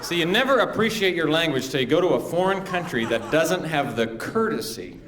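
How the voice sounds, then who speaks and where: A man's voice: fairly high pitch, expressive, brisk, crowd noise. A man doing live stand-up comedy, mock-earnest and silly, slipping into goofy voices. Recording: echoey live hall recording with audience noise.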